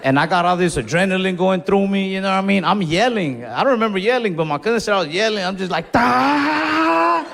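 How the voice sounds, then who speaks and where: Young male comic, gravelly and laid-back, profane storyteller; live club mic, reverberant hall, faint crowd bed. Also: high-pitched, fast, few pauses, a little hiss or hum. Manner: laid-back, profane, acts out his own shouts. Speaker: stand-up comedian. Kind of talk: stand-up storytelling. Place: comedy club stage. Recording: live room with long reverb.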